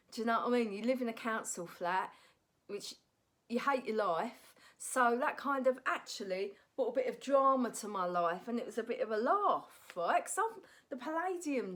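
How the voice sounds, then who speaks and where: Often punctuating her lines with "right?", a woman who works in stand-up and acting tells a candid personal story to her phone camera. She's blunt and animated, and her pitch is fairly high.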